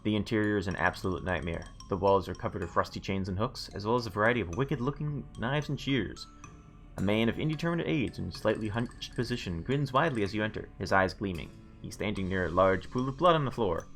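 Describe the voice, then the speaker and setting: A man's voice: lowish voice, fast, fairly bright tone, faint music behind. A man streaming a video game, reading its narration aloud with relish and making playful comments. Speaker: let's play streamer.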